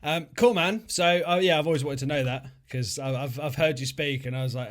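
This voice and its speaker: A man's voice: a little high, fairly quick. A man with a southern English accent hosting a casual podcast, upbeat and prone to playful repetition. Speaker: podcast host. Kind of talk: casual chat.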